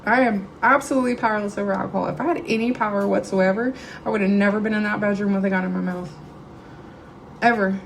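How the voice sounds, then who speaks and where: A woman's voice: mid-range voice, steady tone, quick pace, creaky, slight background noise, rough recording. A middle-aged woman, speaking candidly and emotionally as she shares her testimony at a recovery meeting. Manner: candid, conversational, emotional storytelling. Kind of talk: personal testimony to a live audience. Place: meeting room with audience.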